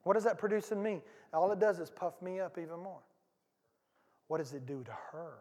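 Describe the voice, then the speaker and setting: Male pastor, high-pitched, conversational sermon delivery, repeats lines for emphasis; long sanctuary reverb. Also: brisk. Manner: conversational preaching, swinging from loud bursts to hushed asides; repeats and restarts phrases for emphasis. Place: church sanctuary.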